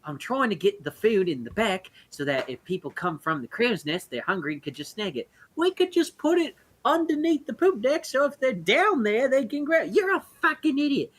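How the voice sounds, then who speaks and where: A man voicing a pair of bickering young sea elf siblings, a brother and a sister, quick and crude as they squabble. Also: very high voice, animated, fairly bright tone, voice pushed up.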